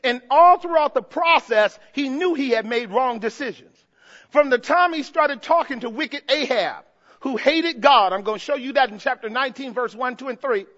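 A man preaching a sermon with passion, moving from hushed low passages to loud shouted cries. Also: moderate pace, big-room sound, lo-fi sound. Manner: impassioned, swings from hushed to shouting.

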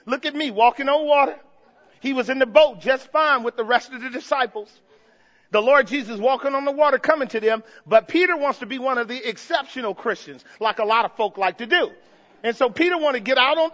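A man delivers a fiery sermon in a very high, bright voice, dropping to near-hushed tones and then rising into full shouts. The sound is dull and lo-fi, with a long reverb from the church hall around him. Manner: impassioned, swings from hushed to shouting. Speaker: preacher.

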